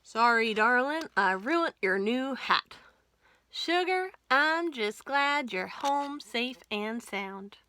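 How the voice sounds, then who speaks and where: A woman voicing a gruff Old West sheriff who dotes on his hat, with folksy drawling warnings, in a storybook read-aloud. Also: a little high, lively intonation, takes it slowly, sharp tone, full character voice. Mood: apologetic.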